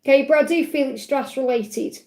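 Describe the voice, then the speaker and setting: A woman's voice: high voice, brisk, a little mellow, echoey room, rough recording. A woman hosting a live card-reading stream, chatty and reassuring, often checking "okay?" with her viewers. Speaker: tarot card reader and livestream host.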